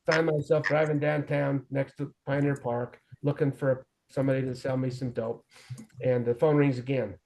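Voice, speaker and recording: A man's voice: mid-range voice, level tone, moderate pace, darkish tone. A middle-aged man frankly telling his own recovery story as an interview guest, with self-deprecating humor. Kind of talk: candid personal storytelling.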